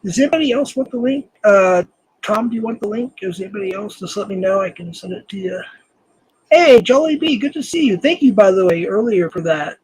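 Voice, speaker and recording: A man's voice: high voice, lively intonation, brisk, darkish tone, breathy edge, dry recording, low-quality recording. A man hosting a live stream, chatting casually, laughing now and then and greeting viewers in the chat. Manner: laid-back, chuckling, greets chat viewers. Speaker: livestream host.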